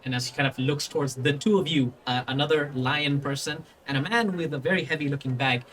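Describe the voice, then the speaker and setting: A man's voice: on the high side, fast talker, fairly bright tone. A man narrating a tabletop game as game master, rambling with many restarts. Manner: rambling, full of fillers and restarts.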